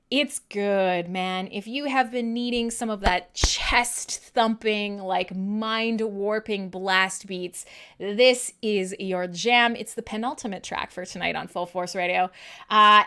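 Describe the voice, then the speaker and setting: A woman with a fairly high, smooth voice hosts a live metal radio stream. She rambles irreverently, swears freely, and coos softly to her dog.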